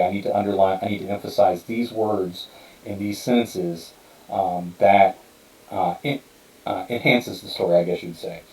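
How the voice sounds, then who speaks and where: Deep-voiced man talking in an echoey room. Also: a little mellow, recorded from a distance. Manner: rambling, many fillers and restarts. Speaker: podcast host and author. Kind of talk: casual podcast talk. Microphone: streamed podcast mic.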